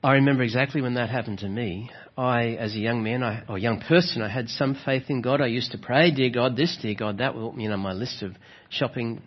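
A man preaching a gentle, reflective sermon, often adding rhetorical tag questions. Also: medium pitch, brisk. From Australia. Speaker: pastor. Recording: slightly dull, lo-fi sound.

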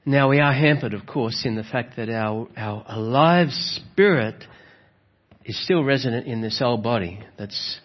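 A man preaching a gentle, reflective sermon, often adding rhetorical tag questions. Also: medium pitch, unhurried. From Australia. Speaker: pastor. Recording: slightly dull, lo-fi sound.

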